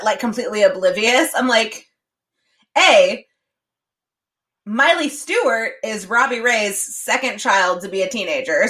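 Young woman co-host, super animated pitch, bright voice, keeps laughing. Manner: animated, amused, laughs through points. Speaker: podcast co-host. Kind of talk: casual chat recapping a TV episode.

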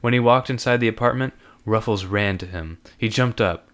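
A man narrating a story aloud in an animated reading. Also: lowish voice, normal speed.

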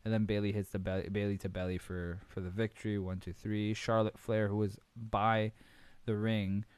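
A male podcast host giving a casual, rambling wrestling recap full of swearing, fillers and quick impressions. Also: on the low side, flat delivery, a little mellow, clean tone, no room sound.

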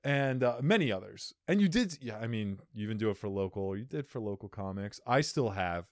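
A man's voice: on the low side, animated, fairly quick, no echo, studio quality. A man hosting a comedy podcast in casual chat, jokey and rambling, laughing easily. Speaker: podcast host.

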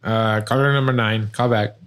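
A man hosting a casual podcast, quickly counting off callers and telling them to call back. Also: on the low side, steady tone, fairly bright tone, slight background noise. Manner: brisk, dismissive "call back" patter. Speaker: podcast host taking calls.

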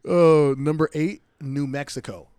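A man's voice: on the high side, steady tone, a little slow, a little mellow, smooth, no echo, clean studio sound. Laughing man in his twenties. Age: 20s. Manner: laughs a lot, crude and playful, reads out a list. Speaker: podcast co-host. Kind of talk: casual podcast chat.

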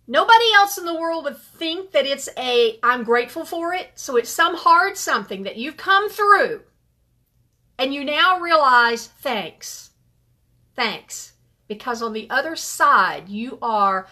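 A woman's voice: high voice, bright, forceful tone. A middle-aged woman leading a group gratitude session, upbeat and encouraging, repeating affirmations and answering comments. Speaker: group gratitude workshop leader. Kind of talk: live online group session, reading chat comments.

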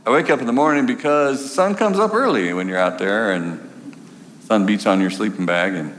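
A man's voice: on the low side, expressive, fairly quick, fairly bright tone. A man preaching a storytelling sermon, wry and conversational, turning earnest and weary. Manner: wry, conversational, then pleading and worn out. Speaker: pastor. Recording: echoey hall, faint noise.

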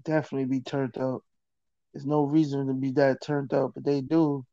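A man in casual chat, telling stories in an animated, slangy way with lots of fillers. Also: medium pitch, moderate pace, no echo. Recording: dull, dry sound.

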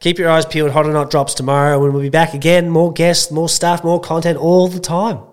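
A man's voice: fairly high pitch, flat delivery, fairly quick, smooth. A man co-hosting a casual podcast in a studio. He laughs often and reads news items aloud. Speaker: podcast co-host. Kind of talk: casual chat. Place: small studio.

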